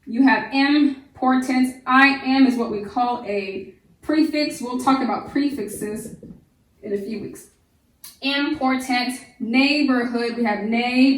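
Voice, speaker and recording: A woman teaching a phonics lesson, slowly sounding out the syllables of words. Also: on the high side, distant mic. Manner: slow, stretched sounding-out of syllables. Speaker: homeschool teacher. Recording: echoey room, voice off-mic.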